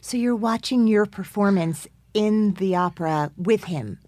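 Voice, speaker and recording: A woman's voice: medium pitch, unhurried, a little mellow, no room sound. Playful woman interview host. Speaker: podcast host. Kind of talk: conversational interview.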